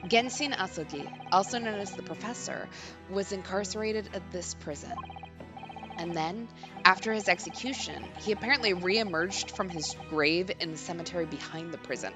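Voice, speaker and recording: A woman's voice: on the low side, moderate pace, music in the background. A woman streamer reading game dialogue aloud and chatting with friends while she plays. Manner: expressive, laughs often.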